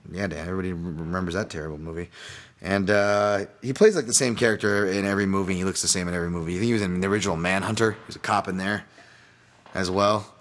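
A man's voice: low-pitched, steady tone, quick pace, a bit bright. A man hosting a casual solo podcast, breaking down fights in a rambling, self-deprecating way with many fillers and restarts. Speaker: podcast host, fight analyst.

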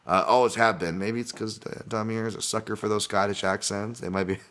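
Low-voiced man rambling through fight picks. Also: steady tone, brisk, fairly bright tone. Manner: rambling, candid, frequent restarts and asides to listeners. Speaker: podcast host and fight analyst. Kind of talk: casual solo podcast breakdown.

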